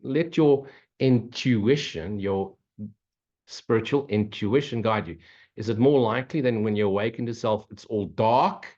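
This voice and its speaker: A low-voiced man gives a spiritual Q&A talk in a blunt, profane, joking way. The recording is dull and lo-fi. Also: unhurried, darkish tone. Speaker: spiritual teacher. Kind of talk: casual Q&A talk. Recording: muffled, lo-fi recording.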